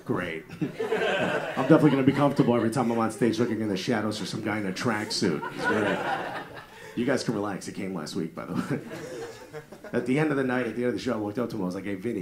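A man with a thick New Jersey accent works a live comedy club, brash and foul-mouthed, bantering with people in the front rows. His voice sits a little low. A loud crowd keeps laughing around him. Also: quick pace. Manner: brash, profane, riffs with the crowd. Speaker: stand-up comedian. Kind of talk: stand-up comedy set.

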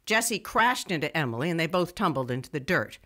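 A young woman radio writer, wry and digressive, bright-toned narration. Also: low-pitched, big pitch swings, brisk, heavily acted. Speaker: first-person narrator. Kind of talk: scripted first-person narration.

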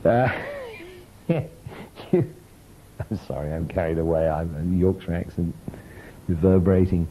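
A man's voice: low-pitched, a little slow, long pauses, phone-quality sound, a little hiss or hum. An older man giving an informal lecture, telling stories with a chuckle. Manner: lively storytelling, chuckling.

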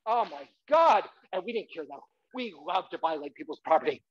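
Animated man performing a comic stage monologue. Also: high-pitched, normal speed, few pauses, muffled recording. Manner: animated, playful, bursts into loud shouts. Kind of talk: comic autobiographical monologue with audience participation. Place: theatre stage.

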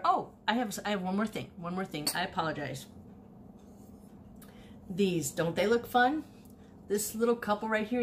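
With slight background noise, a woman with a medium-pitched, fairly bright voice chats casually about her thrift finds. She's an online reseller doing a haul video, animated in tone and often repeating herself as she tells a story.

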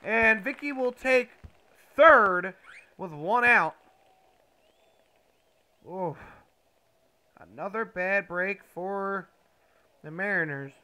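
A man giving mock play-by-play commentary over a baseball video game, with sudden loud bursts of excitement. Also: sits high, extremely slow, pauses often, clear, resonant tone.

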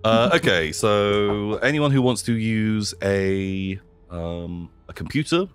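Low-voiced guy running a tabletop rpg, lots of ums and uhs, faint music behind. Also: animated, takes it slowly, clean tone. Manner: hesitant, many fillers. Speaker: game master. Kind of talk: narrating a tabletop game.

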